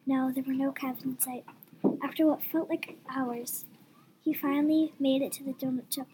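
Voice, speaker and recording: A young woman reading a story aloud, lively, with a few slips. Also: high voice, moderate pace, slight background noise. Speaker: story reader.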